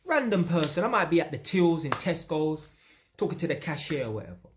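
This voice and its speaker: This vlogger, a young North Londoner with a London accent, recounts stories in animated, slangy street talk, acting out voices in quotes. He talks a little fast in a fairly high voice, with reverberant audio and background noise.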